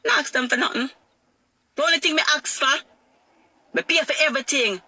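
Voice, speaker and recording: Speaking a little fast in a high, bright, forceful voice, a middle-aged Jamaican-accented woman shares raw, emotional testimony about her own pain, often repeating herself. The recording is dry.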